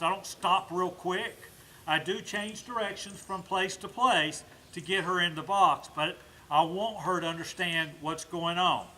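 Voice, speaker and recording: A man, a dog trainer explaining commands while working with a dog, switching to soft praise for the dog. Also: sits high. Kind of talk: casual demonstration. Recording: faint background noise.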